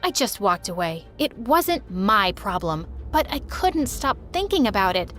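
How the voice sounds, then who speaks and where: A woman's voice: mid-range voice, very animated, measured pace, a bit bright, faint music behind. A woman narrating a first-person story in a chatty, conversational way.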